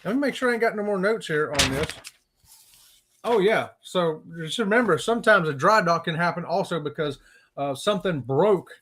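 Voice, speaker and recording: A man's voice: sits high, lively intonation, moderate pace, fairly bright tone, slight background noise. Folksy joking Southern man co-host. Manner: joking, folksy, laughs at his own puns. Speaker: co-host of a live cruise chat show. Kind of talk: casual live-stream chat.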